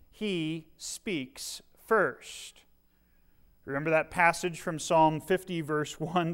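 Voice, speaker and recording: A man's voice: fairly high pitch, clear, resonant tone. A middle-aged male pastor preaching a sermon, earnest, with dry humorous asides and shifting volume.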